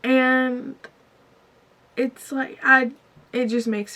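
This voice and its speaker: A young woman in her twenties confides emotionally to the camera for her vlog while standing in a store aisle indoors. She speaks casually and unhurriedly in a slightly high voice, with faint music playing in the background.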